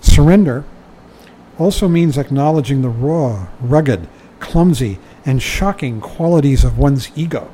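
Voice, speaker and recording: A man's voice: mid-range voice, animated, measured pace, warm tone, slight background noise, low-quality recording. An older man giving a dharma talk, reading from a book and commenting in a conversational way, often chuckling and saying "you know".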